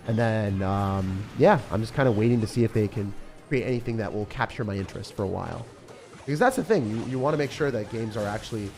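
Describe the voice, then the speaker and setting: A young streamer with a lowish, darkish voice chats casually on a livestream. He comments on his game and answers chat's questions in a self-deprecating way.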